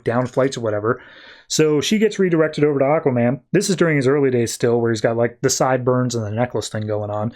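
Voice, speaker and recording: A man's voice: mid-range voice, a little mellow. A man hosting a podcast, casually recapping a comic book in a rambling, filler-heavy way. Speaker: podcast host.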